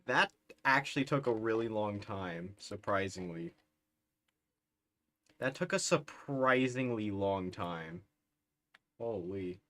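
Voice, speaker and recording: Male streamer, low voice, unhurried bemused play-by-play. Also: animated, sharp tone. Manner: bemused, laughs often. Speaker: livestreamer playing a strategy game. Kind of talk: casual live commentary.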